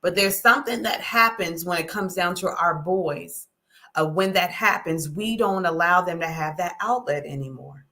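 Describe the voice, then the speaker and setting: A middle-aged woman hosting a casual talk, folksy and animated, often checking in with "okay?". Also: lowish voice, moderate pace. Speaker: host. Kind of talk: casual talk to a live audience.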